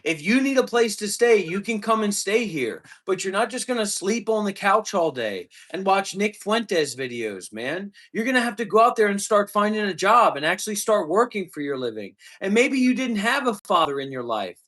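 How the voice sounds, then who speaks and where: A man's voice: sits high, big pitch swings, moderate pace, hardly any pauses, fairly bright tone. A man live streaming, talking bluntly and lecturing the person he addresses.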